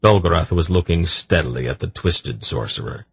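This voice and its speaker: A man narrating a fantasy audiobook, an expressive storyteller who voices every character. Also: sits low, moderate pace, vocal fry, breathy edge.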